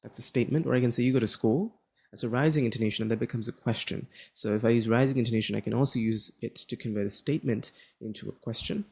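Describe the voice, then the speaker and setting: A young man, explaining a lesson in a relaxed, casual way and often checking in with "right?". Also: medium pitch, very fast, creaky, few pauses, breathy edge. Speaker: tutor.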